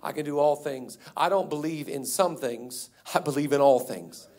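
High-voiced pastor preaching with big swings. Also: male voice. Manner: dynamic preaching, swings from loud and drawn-out to quiet and hushed; acts out quoted people in a raised voice. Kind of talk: sermon.

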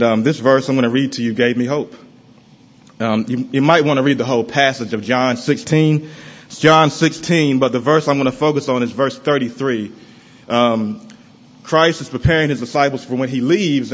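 Halting man giving a church testimony. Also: dull audio. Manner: halting, with many pauses and restarts, often dropping soft and low. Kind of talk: personal testimony to a congregation. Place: church in front of a congregation.

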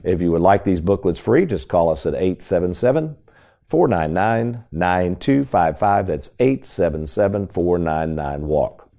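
A man's voice: deep voice, animated, measured pace, gravelly, dark tone. A man hosting a financial talk radio show, speaking in a folksy, emphatic way and often addressing listeners directly as folks.

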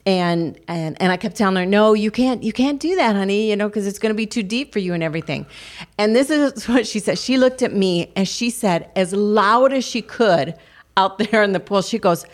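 An older woman speaks with earnest, encouraging warmth, weaving family anecdotes into spiritual advice. Her voice sits at an ordinary middle pitch for a woman. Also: moderate pace. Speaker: co-host of a Christian talk show. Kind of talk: devotional encouragement.

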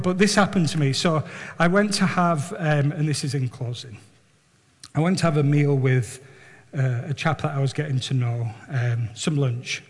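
A man preaching a sermon and telling stories, animated and earnest, often repeating words as he builds up. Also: a little high, in a large hall. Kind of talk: sermon with storytelling.

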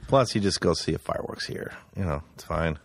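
Hungover man, lively swooping voice. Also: low voice, fairly quick, creaky, slightly rough. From Wisconsin. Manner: profane, storytelling, mimics voices. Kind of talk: casual chat.

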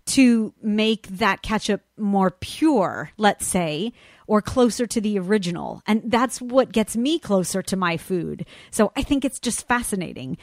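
A woman's voice: mid-range voice, lively intonation, a little slow, darkish tone, no room sound, studio quality. A woman hosting a broadcast interview, enthusiastic, reading a scripted introduction. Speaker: host.

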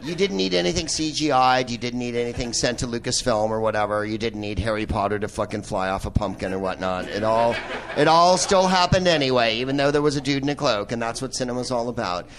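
A man's voice: mid-range voice, fast, hardly any pauses, a bit bright. A man hosting a live podcast in a movie theater, riffing on a film with profane, laughing asides. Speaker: podcast host. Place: old movie theater with audience.

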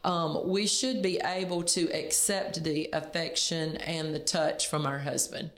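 A woman's voice: low-pitched, fairly even intonation, measured pace, fairly bright tone, reverberant. A woman co-hosting a candid marriage podcast, talking earnestly, laughing easily and often restarting her sentences. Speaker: podcast co-host. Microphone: on camera.

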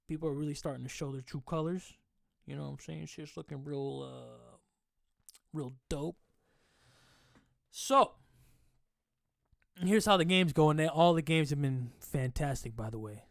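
A man's voice: on the high side, unhurried, vocal fry, pauses often, dry recording, studio quality. A man hosting a podcast, chatting casually and profanely about sports, rambling and joking at himself. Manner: loose, profane, rambling, jokey. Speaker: podcast host.

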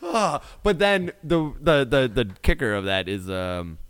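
A man, a filmmaker guest, telling lively stories in casual chat and swearing freely. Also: medium pitch, a little slow, clear, resonant tone. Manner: animated storyteller, swears freely.

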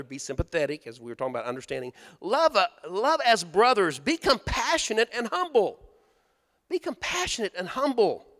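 Pastor, man, high and animated delivery, folksy sermon in a reverberant church hall. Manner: folksy, storytelling, rhetorical questions to the congregation.

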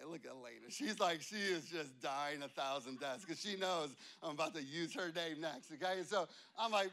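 A man's voice: fairly high pitch, moderate pace, few pauses. A male pastor preaching a casual, humorous sermon, telling stories to his congregation. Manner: animated storytelling with humor.

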